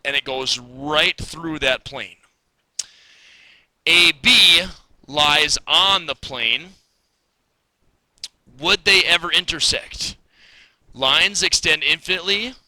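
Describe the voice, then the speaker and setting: A man's voice: fairly high pitch, bright, forceful tone, no room sound, low-quality recording. A man teaching a recorded math lesson, explaining step by step in a casual, patient way.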